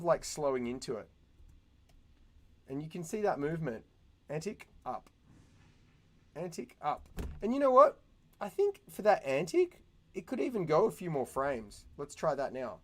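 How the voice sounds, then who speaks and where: Chatty man teaching animation. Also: mid-range voice. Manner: chatty, thinking aloud, makes mouth sound effects. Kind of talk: casual screen-recorded tutorial.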